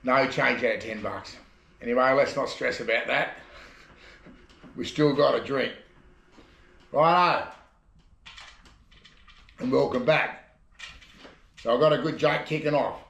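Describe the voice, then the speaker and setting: A man's voice: medium pitch, unhurried, vocal fry, pauses often, a bit bright, reverberant. An Australian man telling jokes in a rambling, chatty way as a casual comedy vlogger. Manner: rambling, chatty joke delivery. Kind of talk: casual joke telling to camera. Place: shed.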